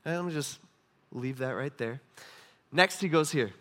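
Speaking at normal speed in a slightly high, bright, forceful voice, a pastor delivers a sermon conversationally and casually. He frequently checks in with the congregation.

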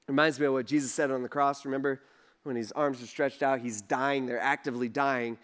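A man preaching a sermon in a conversational, animated way, acting out what others say. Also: mid-range voice, moderate pace, pauses often. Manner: animated, acts out quoted voices, conversational asides. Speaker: pastor.

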